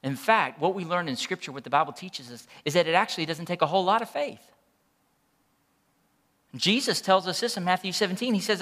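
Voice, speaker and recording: A pastor preaching with real fervor, often stumbling and restarting his words as he presses a point. His voice is high and bright, and it rings out with the long reverb of a large church hall. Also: fairly quick. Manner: impassioned preaching with repeated restarts. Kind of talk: sermon.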